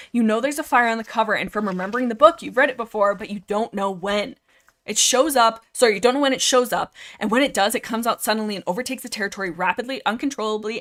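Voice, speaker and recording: A young woman hosting a casual livestream, rambling excitedly about books and filling her talk with "like". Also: mid-range voice. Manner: rambling, excitable, lots of filler likes. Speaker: livestream host. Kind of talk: casual livestream book discussion.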